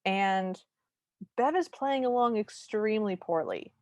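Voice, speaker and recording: A woman's voice: mid-range voice, lively intonation, unhurried, no echo. A woman co-hosting a podcast, recapping a movie in casual chat with wry, humorous asides. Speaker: podcast co-host.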